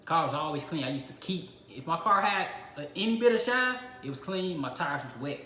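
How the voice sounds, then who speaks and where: A man's voice: on the high side, animated, a little fast, pushed and bright. A young man from Illinois telling a casual personal story on his channel, acting out his own reactions. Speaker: channel host. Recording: echoey room with faint noise.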